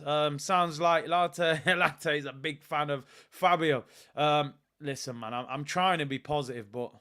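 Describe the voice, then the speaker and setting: Male watch-along host, high voice, slangy, flips from grumbling to yelling at chances. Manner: excitable, erupts into shouts at chances; slangy, chats to stream viewers. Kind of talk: live match reaction commentary.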